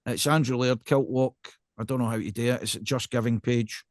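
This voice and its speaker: A man's voice: medium pitch, fairly even intonation, a little fast, dry recording, clean studio sound. A man with a Scottish accent co-hosting a casual podcast, rambling and self-deprecating as he talks. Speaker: podcast co-host.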